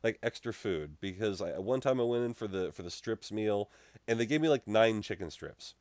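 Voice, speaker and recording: A man co-hosting a podcast, telling an animated story in casual chat and laughing as he goes. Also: fairly low pitch, normal speed, dry recording, clean studio sound. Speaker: podcast co-host.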